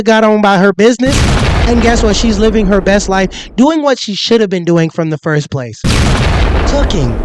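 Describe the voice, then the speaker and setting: Profane, ranting high-voiced male streamer. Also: background noise. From United States. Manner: profane, confrontational, insulting. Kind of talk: ranting livestream commentary.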